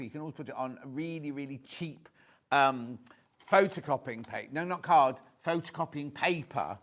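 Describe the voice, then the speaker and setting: A man's voice: on the high side, a bit bright. A British man presenting on a live shopping channel, chatty and prone to repeating words as he reads out viewer messages.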